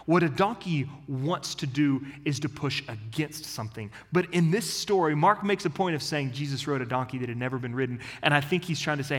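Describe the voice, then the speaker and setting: A male pastor preaching a sermon in an animated, self-mocking, conversational way. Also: medium pitch, moderate pace. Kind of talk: sermon with storytelling. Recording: long reverb of a large hall.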